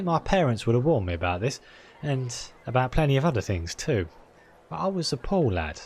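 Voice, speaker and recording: A man's voice: fairly high pitch, a little hiss or hum. Man putting on a Cockney one-eyed merchant. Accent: put-on Cockney. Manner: swaggering, gossipy sales patter. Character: shady one-eyed male merchant, greedy and boastful.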